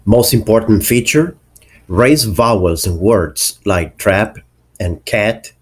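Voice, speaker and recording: A man with a low voice walks through an English pronunciation lesson at a very unhurried pace. He says each example word carefully and deliberately, like a teacher showing how it should sound. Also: breathy edge.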